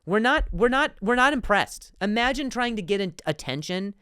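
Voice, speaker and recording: A man hosting a comedy podcast, ranting in an animated monologue with frequent stutters and asides. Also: sits high, moderate pace, clear, resonant tone, no room sound, clean studio sound.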